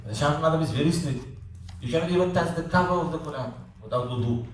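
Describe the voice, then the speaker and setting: A man's voice: on the high side, quick pace, slight background noise. A man teaching a class in a conversational way, repeating words and checking that students follow. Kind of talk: classroom lecture. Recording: echoey classroom, voice from far off.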